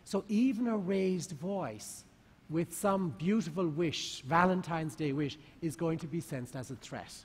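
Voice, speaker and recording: A man giving a talk to a live audience, asking the listeners lively questions. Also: on the high side, unhurried, breathy edge. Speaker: conference speaker. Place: large conference hall. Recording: long hall reverb.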